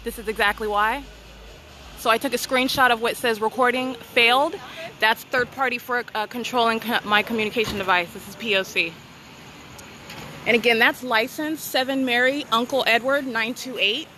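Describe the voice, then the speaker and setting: A woman documenting herself on a handheld phone outdoors, in a motel parking lot at night, narrates as she films. She is insistent and repetitive, using clipped phrases, in a slightly high voice with a steady tone at normal speed. Background noise is audible.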